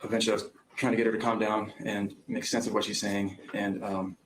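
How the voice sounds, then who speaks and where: A man's voice: fairly low pitch, level tone, brisk, background noise. A young man testifying as a witness in court, recounting events hesitantly with frequent ums. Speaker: trial witness.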